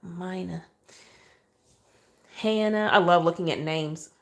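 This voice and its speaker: A woman's voice: lowish voice, slow, creaky. A woman chatting on a phone livestream while decorating cakes, apologetic and thanking viewers. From Oklahoma, US. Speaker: cake decorator. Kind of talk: live stream chat while decorating.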